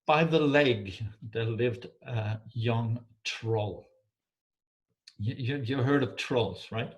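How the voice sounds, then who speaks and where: Guy telling a troll story, stops and restarts a lot, keeps asking "right?". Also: medium pitch. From Denmark. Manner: halting, warm, repeats words, asks listener for agreement. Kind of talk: oral folk storytelling.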